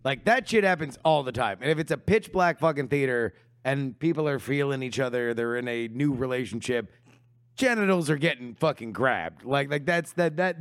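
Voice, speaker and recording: A man co-hosting a comedy podcast, talking in crude, profane casual chat with stammered restarts. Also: mid-range voice. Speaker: podcast co-host.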